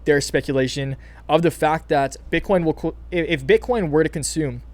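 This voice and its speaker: A young man hosting casual crypto market commentary, excited and hyped, with frequent restarts and calls to "you guys". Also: a little high, normal speed. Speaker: crypto channel host.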